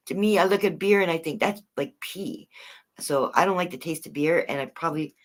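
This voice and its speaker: A woman's voice: low voice, brisk. A woman chatting casually, laughing easily and jumping in with questions. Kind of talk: casual chat.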